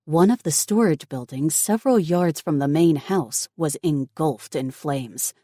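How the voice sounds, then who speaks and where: A woman narrating an audiobook in steady, even scripted narration. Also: low voice, a little slow, dry recording, clean studio sound.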